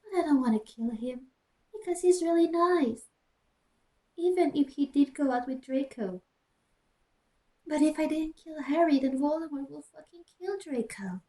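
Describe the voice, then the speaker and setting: A woman's voice: expressive, normal speed, pauses often, dark tone, reverberant, far from the mic. A woman voicing a furious, weepy teenage goth girl who curses while near tears, into a headset mic. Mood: upset, cursing. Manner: high, cursing, near tears. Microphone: cheap gaming headset.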